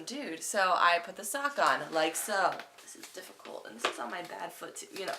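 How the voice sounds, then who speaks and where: At home in front of her webcam, a young woman hoarse from a cold vlogs a rambling comic story, self-mocking and animated, her volume swinging between loud and quiet. Her pitch is fairly low, her speed normal, she barely pauses, and there is background noise.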